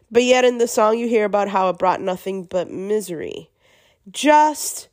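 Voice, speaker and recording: A woman hosting a podcast alone, chatty with many fillers, her voice gravelly from being sick. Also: mid-range voice, darkish tone. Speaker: podcast host. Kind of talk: podcast monologue.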